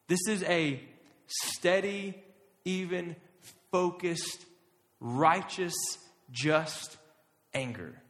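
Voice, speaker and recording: A man's voice: high voice, a bit bright. Young guy preaching, chatty but drags out the big words, echoey hall. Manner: conversational, drawls key words slowly for emphasis. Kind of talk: casual sermon to a live audience. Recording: long hall reverb.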